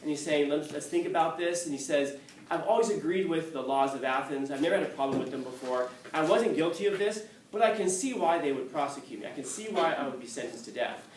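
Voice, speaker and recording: A man's voice: on the high side, fast, a little hiss or hum. A man teaching a class, telling stories with acted-out quotes and frequent laughter. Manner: animated storytelling, acts out quotes, laughs often. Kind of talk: classroom lecture with anecdotes. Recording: echoey classroom from a distance.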